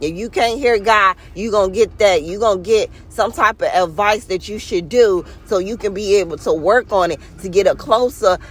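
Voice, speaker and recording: A woman's voice: mid-range voice, moderate pace, few pauses, breathy edge. A woman hosting her own podcast, speaking in a heartfelt, earnest and preachy casual monologue and stretching out the words she wants to stress. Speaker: podcast host.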